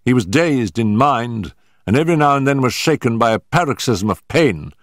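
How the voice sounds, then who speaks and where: A man narrating an audiobook in a deliberate, dramatic manner. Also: medium pitch, lively intonation, no room sound, studio quality. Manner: deliberate and dramatic, in period prose. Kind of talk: scripted narration.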